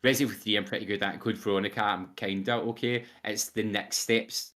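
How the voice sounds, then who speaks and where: A man's voice: lowish voice, fairly even intonation, fairly quick, a bit bright. A young man co-hosting a podcast, chatting casually and enthusiastically with lots of fillers. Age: young adult. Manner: enthusiastic, rambling with fillers, quotes voices animatedly. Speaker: podcast co-host. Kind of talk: casual chat.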